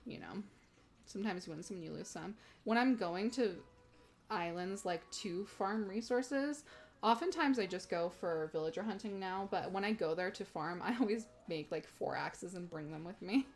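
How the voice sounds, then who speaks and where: A woman's voice: mid-range voice, normal speed. A young woman streaming a game, chatting casually with viewers, giggly and gushing. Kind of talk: casual gameplay stream chat.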